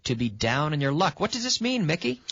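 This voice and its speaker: Guy teaching english on the radio, gravelly husky voice, lively ups and downs, kinda dull lo-fi sound. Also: on the high side, a little fast, dry recording. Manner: patient, stresses words with rising intonation.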